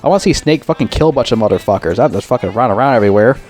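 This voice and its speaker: A man's voice: mid-range voice, lively intonation, very fast, darkish tone. A man giving a casual, profane movie review, rambling and complaining in an exasperated way.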